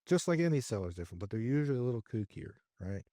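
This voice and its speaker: A man as a podcast guest, telling a business story in a lively way and acting out his own dialogue. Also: medium pitch, racing, no echo, studio quality. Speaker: podcast guest, real estate investor. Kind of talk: conversational storytelling interview.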